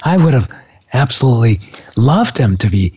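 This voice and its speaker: Husky animated middle-aged man. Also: mid-range voice, moderate pace, dull audio. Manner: animated, laughing storyteller. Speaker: podcast host, psychic and minister. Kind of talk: casual storytelling talk.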